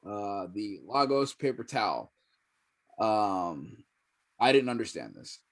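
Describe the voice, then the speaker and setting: A man's voice: on the low side, very animated, takes it slowly, fairly bright tone. A man co-hosting a podcast, narrating a plot step by step in casual talk with many fillers. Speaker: podcast co-host. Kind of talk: casual recap chat.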